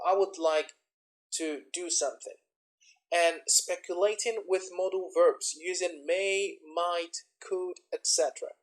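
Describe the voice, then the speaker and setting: Guy tutor walking through exam tips, higher-ish voice, says example words over and over with stress. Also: rough recording. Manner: explains slowly, repeating example words with stress. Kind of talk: instructional lesson.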